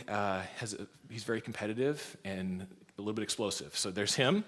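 A man in his thirties, a pastor preaching a sermon in a church, telling stories and laughing along. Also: on the low side. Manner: storytelling, laughs often, lively shifts in loudness.

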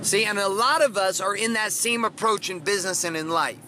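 A man's voice: sits high, a little fast. Casual: brash swearing motivational guy, middle-aged, punchy dramatic delivery, bit of street noise behind. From Washington state, USA. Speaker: podcast host. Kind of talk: motivational monologue.

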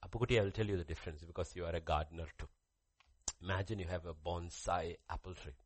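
A man's voice: deep voice, steady tone, fast, breathy edge, no room sound. A man preaching a sermon, repeating key phrases and putting questions to the congregation. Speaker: pastor.

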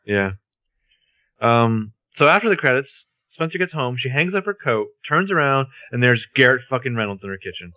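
A man's voice: medium pitch, sing-song, normal speed, sharp tone, dry recording. A man co-hosting a casual podcast, narrating a TV episode with wry, exasperated jokes. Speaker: podcast co-host. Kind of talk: casual recap chat.

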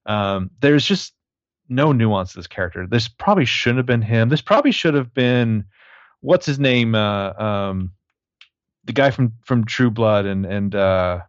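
A man's voice: on the low side, lively intonation, unhurried, dry recording. Rambling man with a dull lo-fi sound. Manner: rambling, crude, wry. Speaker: podcast co-host. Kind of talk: casual movie review chat.

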